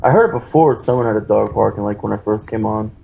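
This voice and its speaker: A man's voice: on the low side, fast, gravelly, warm tone, dull audio, a little hiss or hum. A man co-hosting a casual comedy podcast, brash and swearing a lot.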